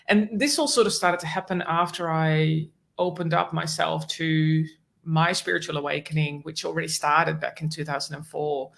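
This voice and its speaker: A woman guest on a conversational interview, telling a personal story and acting out the dialogue in it. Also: low voice. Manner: animated, acts out quoted dialogue, warm laughs. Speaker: guest, animal communicator.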